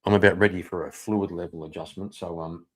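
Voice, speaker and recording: With a low, steady voice and a brisk pace, a man runs a live stream and reacts to his viewers in casual conversation. He rambles, curses freely and laughs often.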